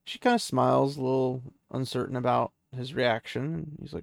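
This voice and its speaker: A man retells a fantasy story in a loose, chatty way. His voice is gravelly and sits at a middle pitch. The sound is dry and close. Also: fairly even intonation, normal speed, no echo. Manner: chatty, loose, with many "he's like" asides.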